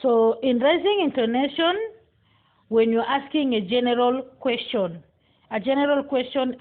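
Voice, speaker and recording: A woman teaching a classroom lesson, speaking slowly and deliberately and stressing each example sentence. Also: fairly high pitch. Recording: tinny phone-like sound.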